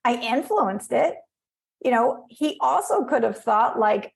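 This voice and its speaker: A woman guest on a podcast, chatting in an animated way, acting out little voices and using many fillers. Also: a little high, unhurried, creaky. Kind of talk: conversational podcast interview.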